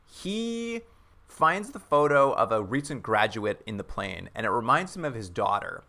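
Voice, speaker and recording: A man's voice: medium pitch, very animated, normal speed, creaky, bright, forceful tone. A man casually recapping a TV episode with a co-host, rambling and joking, acting out quotes in playful voices. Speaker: podcast co-host.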